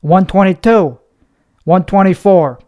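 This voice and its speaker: Nervous, rambling young man, high smooth voice. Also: measured pace, dark tone. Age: young adult. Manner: anxious, rambling, heavy cursing. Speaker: podcast host. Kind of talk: solo podcast monologue.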